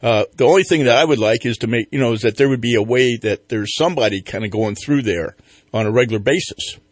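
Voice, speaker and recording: A man's voice: medium pitch, fast, dry recording. A man hosting a morning talk radio show, chatting casually and rambling with many fillers and restarts. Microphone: studio microphone.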